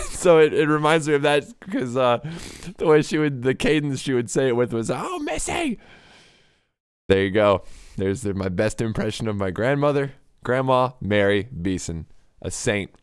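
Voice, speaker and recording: A man's voice: medium pitch, moderate pace, clean tone, no room sound, clean studio sound. A young man hosting a music review livestream, chatting loosely with frequent laughs and fillers. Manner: rambling, laughs often, lots of "like" and "you know". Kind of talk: casual chat.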